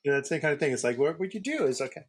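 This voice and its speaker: Male co-host, husky mid-range voice, rapid teasing banter. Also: a little high, animated. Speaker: podcast co-host. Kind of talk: casual chat.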